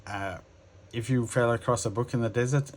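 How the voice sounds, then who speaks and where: A man giving a casual tarot reading to his viewers, musing aloud with many pauses and restarts. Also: medium pitch, steady tone, a little hiss or hum. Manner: addresses viewers directly. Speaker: tarot reader.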